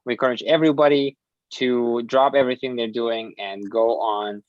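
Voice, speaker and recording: A man hosting a casual discussion, hesitant and filling pauses with many fillers. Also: medium pitch, steady tone, no echo. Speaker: host. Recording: dull dry lo-fi audio.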